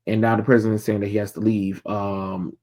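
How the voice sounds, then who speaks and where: A man with a somewhat low voice walks through a comic book issue in a casual review. He rambles and fills gaps with ums. His asides are blunt and sarcastic. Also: level tone, fairly quick, darkish tone. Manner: rambling, many filler ums.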